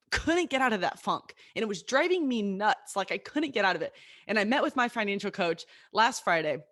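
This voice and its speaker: A woman's voice: fairly high pitch, a bit bright. A woman in her late twenties hosting a solo motivational podcast, talking candidly and with energy straight to her listeners. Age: 20s. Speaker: podcast host and coach.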